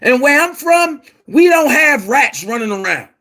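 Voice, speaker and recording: Slow, heated high-voiced man. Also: very animated, pushed and bright. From Baltimore. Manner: confrontational, repetitive, calls listeners brother. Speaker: online commentator. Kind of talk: heated monologue to camera.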